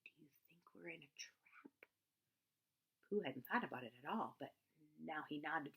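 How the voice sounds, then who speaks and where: Expressive woman reading a children's story. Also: on the low side, slightly rough. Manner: expressive, animated.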